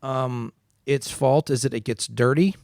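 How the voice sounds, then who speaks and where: A man's voice: mid-range voice, unhurried, creaky, a little mellow, no room sound, studio quality. A man co-hosting an audio podcast, talking casually and opinionated, rambling through his points in a self-described facts-guy way. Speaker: podcast co-host. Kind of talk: casual chat.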